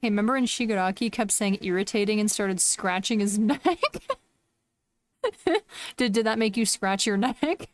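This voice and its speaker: A woman's voice: medium pitch, moderate pace, no room sound. A woman streamer chatting casually on a live stream, playful and giggly, with mock-dramatic complaints.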